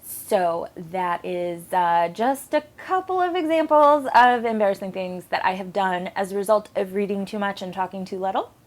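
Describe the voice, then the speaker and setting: A young woman chats to the camera in a loose, self-deprecating way. Her voice sits at an ordinary middle pitch, and her talk is full of filler ums. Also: animated, moderate pace, hardly any pauses. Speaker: book vlogger. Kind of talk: casual vlog monologue.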